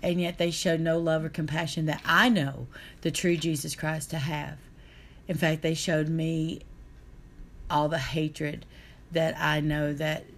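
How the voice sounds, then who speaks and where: A middle-aged woman, telling a painful story in an earnest, aggrieved way. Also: low voice. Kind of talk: casual chat.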